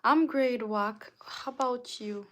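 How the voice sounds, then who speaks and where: A woman's voice: fairly high pitch, takes it slowly. A young woman from Africa chatting casually on a livestream, reading viewer comments aloud and answering them, with lots of "like". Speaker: livestream host.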